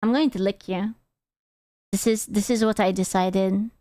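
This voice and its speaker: A woman's voice: medium pitch, steady tone, unhurried, warm tone, no room sound, studio quality. A young woman streamer chatting casually with her chat, rambling, teasing and swearing freely.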